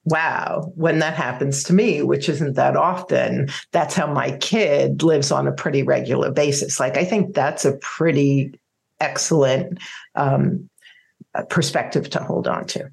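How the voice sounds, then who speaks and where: A woman's voice: a bass voice, measured pace, vocal fry, darkish tone. A woman in her fifties hosting a parenting podcast, reflective and searching for words with many fillers. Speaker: podcast host and parenting coach. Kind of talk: podcast interview conversation.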